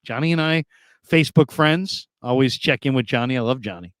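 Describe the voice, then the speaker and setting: A man's voice: medium pitch, brisk, a bit bright, smooth, dry recording. A man hosting sports talk radio, reading listener comments in a loose, rambling way with plenty of laughs and repeated phrases.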